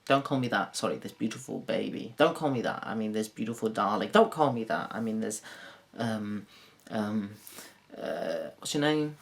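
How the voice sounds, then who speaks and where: A man's voice: lowish voice, animated, moderate pace, creaky. A man with a Yorkshire accent performing a stand-up comedy routine, rambling, correcting himself and swearing with sardonic delivery. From Yorkshire, England.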